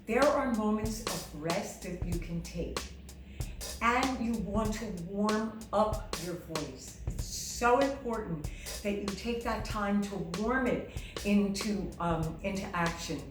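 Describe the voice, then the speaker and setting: A woman singing teacher talks through a vocal lesson in a chatty, motherly way, now and then humming a note to show what she means. Her voice sits back from the mic in a roomy, echoing space. Music plays clearly behind her. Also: medium pitch, slow pace, far from the mic. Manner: chatty and motherly, hums demonstrations.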